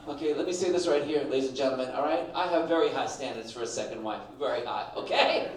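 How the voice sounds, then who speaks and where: A man's voice: mid-range voice, fast, heavy reverb, recorded from a distance, background noise. A middle-aged man doing a stand-up comedy set, brash and punchy, acting out voices. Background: audience laughter.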